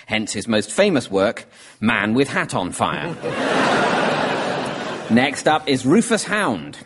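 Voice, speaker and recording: A man's voice: mid-range voice, very animated, takes it slowly, over a noisy crowd, very noisy. Wry male quiz host. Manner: dry, wry delivery of jokes. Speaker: panel show host. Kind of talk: scripted comedy hosting. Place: theatre stage with a live audience.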